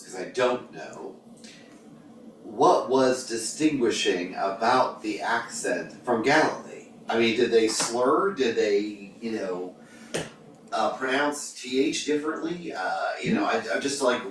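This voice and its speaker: Man leading a church study group, animated questioner, distant mic in an echoey room. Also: fairly low pitch, slight background noise. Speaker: Bible class leader. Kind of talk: group Bible discussion. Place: church classroom.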